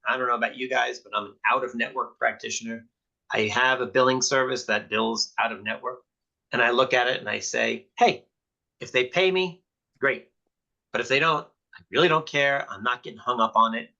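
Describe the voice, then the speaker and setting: Man, middle-aged, chiropractor, casual candid talk, forceful bright voice, muffled lo-fi recording. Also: mid-range voice. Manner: chatty, candid, acts out quoted conversations in a raised voice. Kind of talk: casual talk to a peer group. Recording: dull lo-fi sound.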